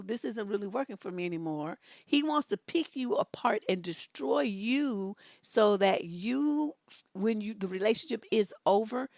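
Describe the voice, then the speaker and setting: A woman's voice: mid-range voice, vocal fry, no echo. Blunt, sassy woman advice host. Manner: blunt, animated and sassy, with emphatic repetition. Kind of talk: live-stream advice talk, reading viewer questions.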